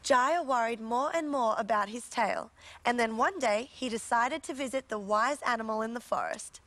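A woman's voice: fairly high pitch, moderate pace, no echo, soft background music. A woman presenting and narrating a story for young children on a TV show, playful and inviting. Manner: warm, playful and inviting toward young viewers.

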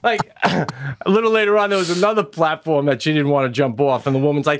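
Man, middle-aged, podcast co-host, casual storytelling, lively quoted voices. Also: a little high, quick pace, clean tone.

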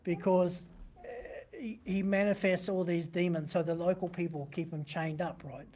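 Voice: medium pitch, steady tone, normal speed, a little mellow. A pastor giving a sermon, teaching conversationally from a printed text and often asking the listeners rhetorical questions.

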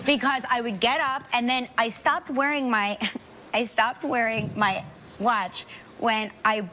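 A talk show host, a woman with a high, lively voice, spins chatty stories. She speaks in a TV studio before a live audience. A clear audience murmur runs behind her. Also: moderate pace, slight background noise. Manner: animated, chatty storyteller. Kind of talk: casual chat.

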